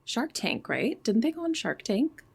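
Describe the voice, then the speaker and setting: A woman's voice: fairly high pitch, very animated, normal speed, vocal fry, husky. A woman co-hosting a podcast in casual chat, laid-back and rambling with lots of fillers. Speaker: podcast co-host.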